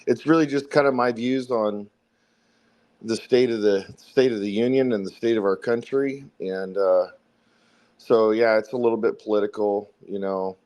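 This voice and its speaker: A man from South Carolina with a faint Southern accent, telling the story behind his song in a relaxed, rambling way during a casual interview. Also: lowish voice, poor audio. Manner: rambling, friendly storytelling with fillers. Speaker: songwriter guest.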